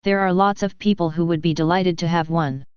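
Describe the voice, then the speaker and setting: A woman reading the lines of a gentle, teasing young shepherdess girl in an audiobook. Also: on the low side, fairly even intonation, brisk, clean tone, no room sound, dull audio, lightly acted.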